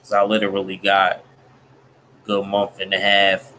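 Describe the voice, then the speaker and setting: A man's voice: sits low, completely flat delivery, normal speed, pushed and bright, a little hiss or hum, poor audio. A man hosting a casual live stream, talking loose slangy banter to his chat while he has the hiccups.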